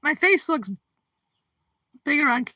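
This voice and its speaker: A woman's voice: high voice, animated, takes it slowly, bright, forceful tone, dry recording. A woman hosting a livestream, chatting casually and greeting viewers by name, giggling often and sounding a bit drowsy. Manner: drowsy, yawning. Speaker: livestream host. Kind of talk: casual chat with live viewers.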